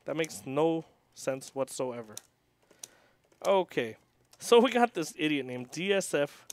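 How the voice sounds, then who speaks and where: A young man who owns an arcade, talking on a casual livestream, swearing heavily and hitting back at critics while reading chat aloud. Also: fairly high pitch. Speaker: arcade owner.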